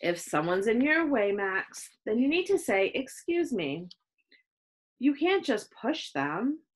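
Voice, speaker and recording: A woman playing a patient schoolteacher in a storybook, calm and firm, giving instructions slowly and clearly. Her voice sits fairly high and rises and falls with gentle emphasis. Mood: instructing. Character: patient kind female teacher. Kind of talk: reading a children's book aloud.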